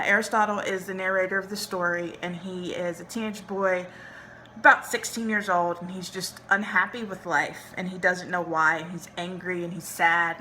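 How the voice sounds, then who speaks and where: A woman's voice: lowish voice, pushed and bright, a little hiss or hum. A woman hosting a book talk, speaking informally and enthusiastically with many fillers. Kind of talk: book talk with read-aloud.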